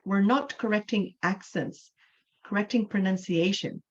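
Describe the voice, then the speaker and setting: A woman's voice: mid-range voice, measured pace, slightly rough. Female English teacher from Canada, mid-range voice, explanatory and checks in with "right?"; muffled online-class sound.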